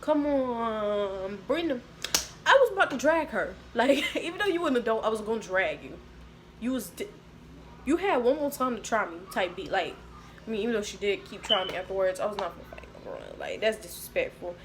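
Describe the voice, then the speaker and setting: A young woman telling a storytime to her viewers, animated and slangy. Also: medium pitch, a little fast, noisy background. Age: young adult. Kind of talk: casual storytime.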